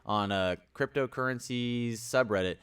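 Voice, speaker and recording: A young man hosting a casual livestream, rambling and energetic, greeting viewers by name and sometimes yelling. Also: medium pitch, a little slow, smooth. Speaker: livestream host.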